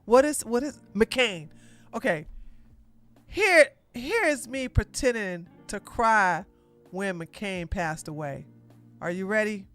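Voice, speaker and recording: A woman's voice: mid-range voice, animated, slow pace, fairly bright tone, faint music behind. A woman hosting a political news livestream, blunt and sarcastic, talking straight to her chat. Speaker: podcast host.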